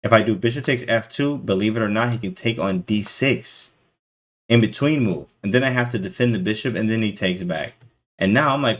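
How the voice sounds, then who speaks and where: A man reviewing his own chess game in an excitable casual way, full of slang, repeated phrases and sudden exclamations. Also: lowish voice, brisk.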